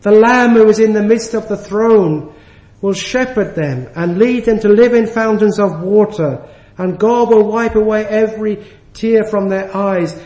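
Guy preaching slow and earnest, pretty high voice, echoey church room. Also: darkish tone. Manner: earnest, slows and stresses key words. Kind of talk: sermon.

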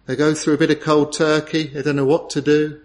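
Brief: male preacher, slightly high voice, earnest and pleading, full of rhetorical questions. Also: level tone, brisk. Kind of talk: sermon.

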